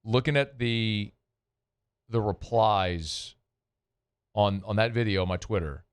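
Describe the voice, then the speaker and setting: A sports radio host from with a low, resonant voice, talking through his views in a loose, conversational way. He restarts his sentences and drops in fillers as he thinks aloud at the studio mic. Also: slow pace, smooth. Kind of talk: sports talk radio commentary.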